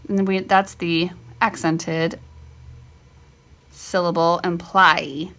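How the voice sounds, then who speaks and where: Slow, chatty woman teaching spelling. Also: fairly low pitch, level tone, a bit bright. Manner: thinking aloud, self-correcting, chatty asides. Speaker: homeschool teacher. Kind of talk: casual spelling lesson walkthrough.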